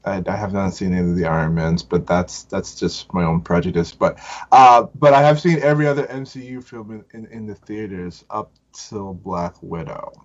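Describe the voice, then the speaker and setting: A man's voice: low voice, moderate pace. Man, podcast guest, hesitant, fillers, muffled lo-fi. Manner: hesitant, many fillers and restarts. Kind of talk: casual podcast chat.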